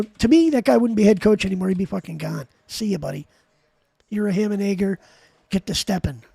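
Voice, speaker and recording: A high-pitched man with a husky, mellow tone, clearly recorded at a dry desk mic. He streams live and rants heatedly to his chat, swearing freely and restarting his sentences as he goes. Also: dry recording. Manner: profane, heated ranting; rambling with frequent restarts. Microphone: desk mic while gaming.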